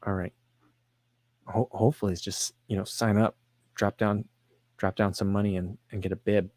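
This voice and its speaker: A man's voice: lowish voice, level tone, moderate pace, darkish tone, no echo. Chatty man hosting a running livestream. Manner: rambling, self-deprecating, with frequent restarts and fillers. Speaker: livestream host reading chat questions. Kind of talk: casual livestream chat.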